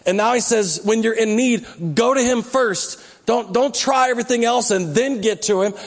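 A man's voice: very high voice, normal speed, long reverb tail. A man preaching a sermon as pastor, with a conversational, joking manner that rises into emphatic exhortation. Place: church sanctuary.

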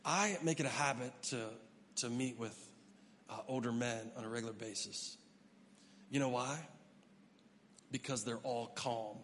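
A middle-aged male pastor giving an emphatic sermon, swinging from loud to hushed. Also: medium pitch, measured pace, long pauses, a little hiss or hum. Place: church hall. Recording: long hall reverb.

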